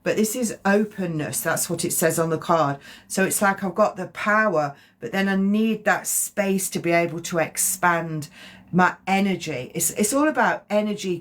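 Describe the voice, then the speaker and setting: Chatty woman giving a reading. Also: fairly low pitch. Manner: chatty, rambling, self-correcting. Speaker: spiritual medium giving a card reading. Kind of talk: live-stream psychic reading.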